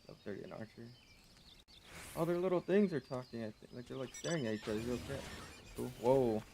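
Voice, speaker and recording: A man giving casual, soft-spoken commentary while playing a video game. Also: medium pitch, lively intonation, quick pace, vocal fry, noisy background. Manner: casual, softly spoken asides. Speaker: gamer.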